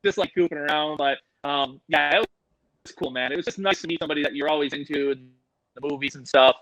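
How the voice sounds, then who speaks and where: A man telling animal-handling stories in a casual, animated, profane way. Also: on the high side, fast talker, no echo, rough recording. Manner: animated, profane, acts out quotes.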